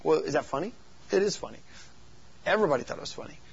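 A man's voice: on the high side, rapid-fire, gravelly, breathy edge, highs cut off. A man who works as a youth pastor, speaking to other youth workers and telling stories animatedly. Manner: animated storytelling, acts out voices in quotes.

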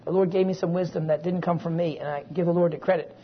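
Through a dull, faintly hissing lo-fi recording comes a slightly high, husky, steady-toned man talking at a quick pace. In his forties, he teaches a Bible class and tells a family story in a folksy, digressive manner, often checking in with listeners.

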